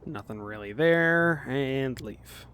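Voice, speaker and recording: A man hosting a let's play, giving relaxed, casual commentary as he plays. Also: mid-range voice, slow pace, a little hiss or hum. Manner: relaxed, reads dialogue aloud with filler words.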